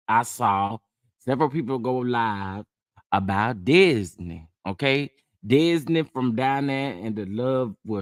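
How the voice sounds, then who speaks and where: A man's voice: mid-range voice, no echo. Male livestream host, slightly sick, chatty and drawling, dry close-mic sound. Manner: chatty, greets viewers by name, drawling asides. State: under the weather. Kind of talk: casual live chat.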